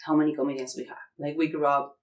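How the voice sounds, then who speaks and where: Lively woman from Mexico City, roomy sound. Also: low voice, fast talker. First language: Spanish. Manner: lively storyteller who acts out quoted dialogue. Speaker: podcast guest. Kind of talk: casual podcast chat.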